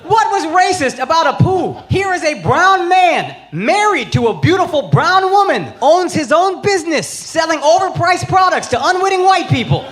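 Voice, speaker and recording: A man in his thirties does a brash, punchy stand-up set at a comedy club, swearing freely and slipping into acted-out voices. His very high-pitched voice is very animated, at normal speed with hardly any pauses. This live recording carries loud audience laughter and cheering.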